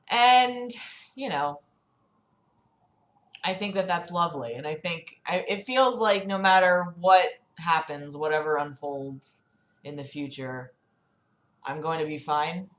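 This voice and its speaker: A young woman with a low-pitched voice hosts a casual livestream from her city apartment, rambling, giggling, and saying "like" a lot. The room is echoey.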